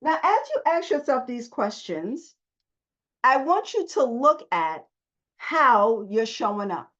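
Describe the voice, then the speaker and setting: A woman's voice: a little high, very animated, slow pace, a bit bright. Emphatic woman coaching self-help. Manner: emphatic, repeats key phrases, coaching. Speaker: therapist coaching viewers. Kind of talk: motivational self-help talk. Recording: dull lo-fi audio.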